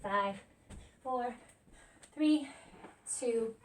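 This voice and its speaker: A woman's voice: on the high side, extremely slow, a little hiss or hum. Breathless woman coaching a home workout. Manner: encouraging, counting down reps between breaths. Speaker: fitness instructor. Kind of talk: coaching a workout while exercising. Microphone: camera on a tripod at a distance. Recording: voice from a distance.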